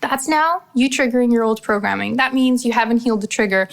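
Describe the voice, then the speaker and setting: Energetic swearing woman podcast host. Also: on the high side, fast, vocal fry. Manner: energetic, swears freely, acts out inner voices. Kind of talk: casual motivational monologue.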